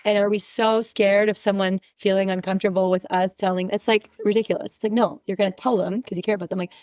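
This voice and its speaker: This woman speaks as a podcast guest and relationship expert. She is frank and emphatic, pressing her points home in a relaxed, chatty way. Her voice sits at an ordinary pitch and is recorded dry and close. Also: fast talker, few pauses, dry recording. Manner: candid, emphatic, direct. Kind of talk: casual podcast conversation.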